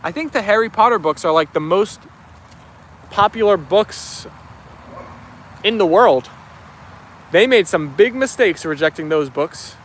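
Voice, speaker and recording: A man's voice: high-pitched, lively intonation, measured pace, long pauses, a bit bright, slight background noise. A man hosting a casual live stream outdoors, chatting easily as he reads out viewer comments and answers them. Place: outdoors with his dogs.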